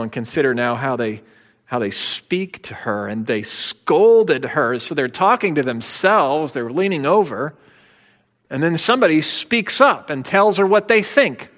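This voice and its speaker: A man pastor preaching a sermon, swinging between hushed, slow passages and emphatic, rising ones. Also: fairly high pitch, big-room sound. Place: church sanctuary.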